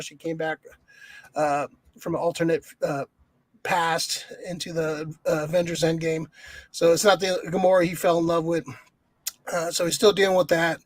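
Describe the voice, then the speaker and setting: There's no echo on this podcast co-host, whose voice is a little high. He reviews a movie in loose, profanity-heavy casual chat, rambling and leaning on fillers.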